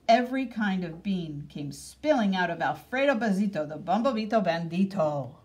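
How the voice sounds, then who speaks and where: A woman reading a picture book aloud for kids, expressive and sprinkled with playful Spanish words. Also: medium pitch, moderate pace, few pauses. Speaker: reader.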